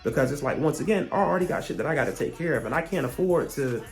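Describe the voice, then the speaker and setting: A young man telling a storytime vlog, profane and heated, with animated rants he acts out as quotes. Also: on the high side, fast talker, faint music behind. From Virginia, US. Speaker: vlogger.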